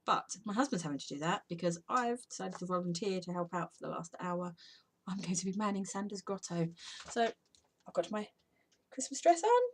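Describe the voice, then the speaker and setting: A tired woman with a lowish voice and lively intonation chats to camera in an unscripted home vlog, talking a little fast. She rambles and sometimes drops to a whisper. She's a vlogger and podcaster.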